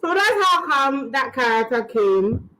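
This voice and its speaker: A woman's voice: on the high side, normal speed, very noisy. A woman from Ghana with a Ghanaian English accent, chatting casually as a comedian guest in an interview, rambling and laughing through her stories. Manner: animated, rambling, laughing storyteller.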